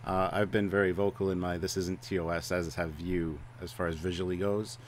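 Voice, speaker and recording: A man's voice: deep voice, level tone, fairly quick, a little hiss or hum. A man co-hosting a casual review chat, talking hesitantly with many fillers and restarts. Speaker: co-host of a review show.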